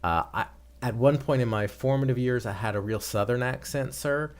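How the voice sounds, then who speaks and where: A middle-aged American man hosting a casual online discussion, chatty and relaxed, often restarting his sentences. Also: medium pitch, moderate pace. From eastern United States. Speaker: host.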